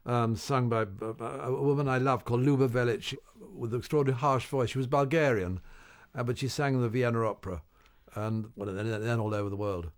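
Older male radio guest, wry and anecdotal, average pitch. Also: fairly quick. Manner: wry, anecdotal, hesitant restarts. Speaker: interview guest. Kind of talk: radio interview.

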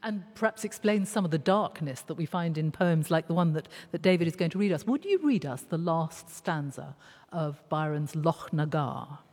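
A woman presents a panel discussion and puts questions to her guests. Her voice sits a little low. A long hall reverb follows her. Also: expressive, normal speed, a little mellow.

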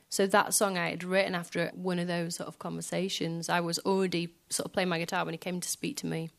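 A woman musician speaking softly and hesitantly in a reflective interview in front of a live audience, filling pauses with small filler phrases. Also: fairly low pitch. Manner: soft, hesitant, many fillers. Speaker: guest musician.

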